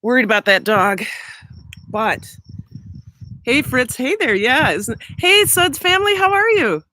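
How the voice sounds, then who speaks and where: A woman with a bright, forceful, high-pitched voice and lively intonation chats unhurriedly on a livestream while walking around outside a house in summer. The vlog host is recovering from a sore throat and greets viewers by name; the low-quality recording has no echo.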